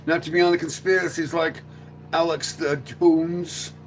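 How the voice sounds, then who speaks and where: A man's voice: on the high side, flat delivery, a little slow, slight background noise. A man hosting a casual livestream chat, rambling and joking, often slipping into silly voices. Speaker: livestream host.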